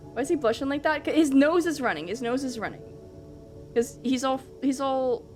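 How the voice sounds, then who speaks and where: A woman's voice: high-pitched, lively intonation, a little fast, a little mellow, soft background music. A woman streamer chatting casually with her live audience, rambling along with lots of fillers and the odd swear.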